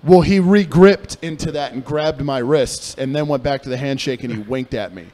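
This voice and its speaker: A young man co-hosting a casual radio chat, telling a story in a profane, animated way. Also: medium pitch, normal speed. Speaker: podcast co-host.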